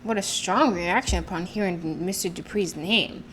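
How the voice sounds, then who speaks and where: A woman's voice: on the low side, normal speed, background noise. Casual woman reading a story game. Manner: casual asides between reading. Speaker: gaming channel host. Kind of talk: let's play narration, reading game text aloud. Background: game music.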